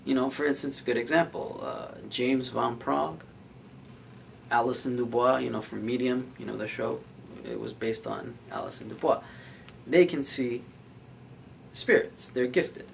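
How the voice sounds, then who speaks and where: In a casual vlog, a man recounts a dream earnestly and emotionally, rambling with many fillers and restarts. His medium-pitched voice is gravelly and unhurried, on a low-quality recording with a little hiss or hum.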